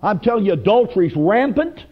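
A man preaching a sermon with fervent, emphatic delivery that rises to loud bursts. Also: high voice, very animated, a little fast. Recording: dull lo-fi broadcast recording.

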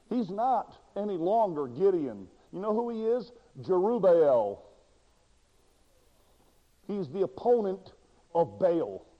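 A high-voiced man preaching with big swings between near-shouted lines and hushed ones. His delivery is dramatic and lively, acting out the voices he quotes. The recording is dull and lo-fi, with long reverb from a large hall. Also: takes it slowly, pauses often. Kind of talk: sermon.

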